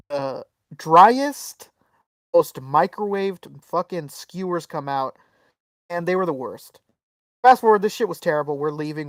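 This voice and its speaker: Animated, swearing podcast storyteller, off-mic. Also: male voice, on the high side, dry recording, far from the mic. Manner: animated storyteller, swears freely, acts out quotes. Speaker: podcast co-host. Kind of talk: casual storytelling chat.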